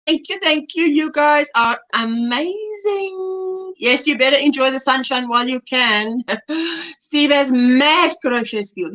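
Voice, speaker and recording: Bubbly high-voiced woman. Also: a bit bright, muffled recording. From South Africa. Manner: bubbly, laughs often, reads chat comments aloud. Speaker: livestream host. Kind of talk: casual livestream chat.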